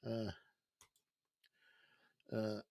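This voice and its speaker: A man's voice: on the low side, monotone, very slow, vocal fry, mellow, dry recording, studio quality. A man with an Australian accent hosting a casual livestream, talking bluntly, swearing and reading viewer comments aloud. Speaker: livestream host.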